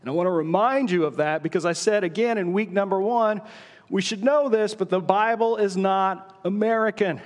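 A middle-aged male pastor preaching a sermon in a church auditorium, telling the story with dramatic pauses and hushed asides. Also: high voice. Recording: long hall reverb.

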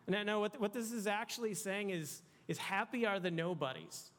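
Youth pastor type, male, preaches in a relaxed chatty way, reverberant hall. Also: high-pitched, moderate pace, hardly any pauses. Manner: casual, conversational preaching with many restarts. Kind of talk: sermon.

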